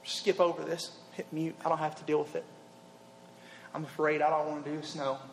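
A man preaching an emphatic youth sermon that repeats its points and builds to shouts. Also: fairly high pitch, little pitch movement, brisk, gravelly, reverberant, long reverb tail, slight background noise. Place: large hall with an audience.

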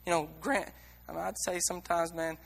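A man's voice: fairly high pitch, steady tone, fairly quick, gravelly, big-room sound. A man preaching a sermon in a blunt, candid and emotional way, with many restarts and repeated words.

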